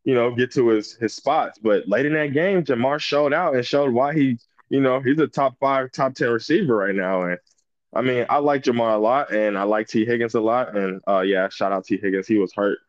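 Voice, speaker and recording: A man's voice: medium pitch, normal speed, dry recording. A man talking football as a guest in a casual chat, emphatic and full of restarts. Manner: animated, emphatic, restarts a lot. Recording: dull lo-fi audio.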